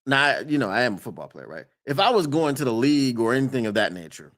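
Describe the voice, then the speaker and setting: A man hosting a podcast live stream in casual chat, emphatic and quick to laugh, repeating his points for effect. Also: mid-range voice, very animated, fairly bright tone.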